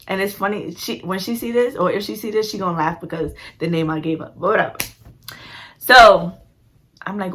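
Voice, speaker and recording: A woman's voice: medium pitch, expressive, fairly quick, fairly bright tone, a little hiss or hum. A young woman telling a story in a casual, slangy way, full of "like" and acted-out quotes. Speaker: vlogger.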